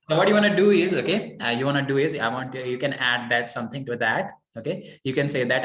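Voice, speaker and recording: A man's voice: mid-range voice, quick pace, hardly any pauses, fairly bright tone, roomy sound. A man coaching a client on mindset, talking in a repetitive, encouraging way with many "okay"s. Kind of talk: coaching session.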